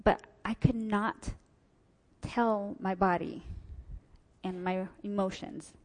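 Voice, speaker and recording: A woman speaks to an audience at a mid-range pitch, telling a personal story. She acts out what people said to her. Her voice carries a long hall reverb. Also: steady tone, slow pace.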